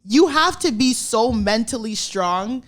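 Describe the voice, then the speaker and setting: Female podcast co-host, lively storyteller, casual and profane. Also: a little high, unhurried. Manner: animated storyteller, acts out quoted dialogue, swears casually. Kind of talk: casual chat.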